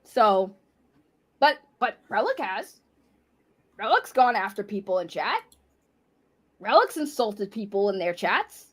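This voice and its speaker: A woman ranting on a livestream, heated and confrontational, swearing often. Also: a little high. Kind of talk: livestream rant.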